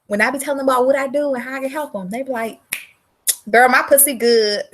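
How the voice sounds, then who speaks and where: A woman's voice: high voice, fairly quick, noisy background. A woman from South Carolina, hosting a casual livestream, talking bluntly and profanely and greeting viewers by name. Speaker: livestream host selling womb-care products.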